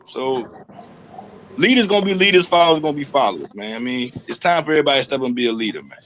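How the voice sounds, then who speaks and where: Fast-talking earnest man. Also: medium pitch, expressive, a bit bright, slight background noise, rough recording. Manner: earnest, motivational. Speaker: panel guest. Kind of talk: motivational panel talk.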